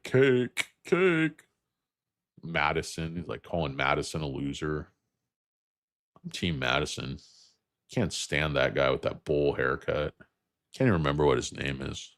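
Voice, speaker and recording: A man's voice: extremely low pitch, normal speed, a bit bright, no echo, studio quality. A man in his fifties hosting a stock livestream, rambling and joking off on tangents; he sounds tired and as if he is losing his voice. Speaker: host.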